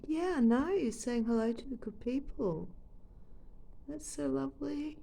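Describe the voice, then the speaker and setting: A woman with an Australian accent at home, talking softly and fondly to her pet parrot while filming it on her phone from close by. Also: sits high, a little slow, vocal fry, slight background noise. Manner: soft, doting baby-talk to her bird. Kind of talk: casual chat to a pet on camera. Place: at home, leaning over a couch. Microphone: phone camera held close.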